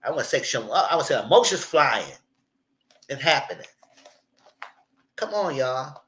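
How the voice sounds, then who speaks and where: A young man hosting a casual live TV recap, animated and slipping into the voices of the people he quotes. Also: mid-range voice, moderate pace, roomy sound, rough recording. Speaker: YouTube TV recap host.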